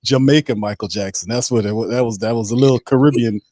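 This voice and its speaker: A relaxed male host chats loosely and reads comments from the chat in a casual, joking way. His voice sits in a middle range and sounds dry and close, with no room around it. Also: mid-range voice, quick pace, no room sound. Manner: laid-back, reads viewer comments aloud and laughs along. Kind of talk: casual live-stream chat.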